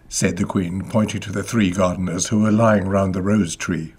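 A man's voice: deep voice, fairly even intonation, normal speed, a little mellow, breathy edge. A man narrating a children's story expressively. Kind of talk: scripted narration.

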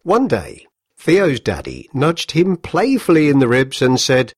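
A man reading a children's story aloud, gently amused and very expressive. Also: mid-range voice, measured pace, husky, dry recording, studio quality.

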